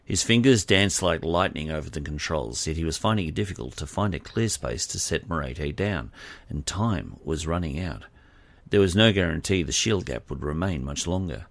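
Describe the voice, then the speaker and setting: A man reading scripted audiobook narration in a steady, expressive way. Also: rumbling low, moderate pace, vocal fry, no room sound.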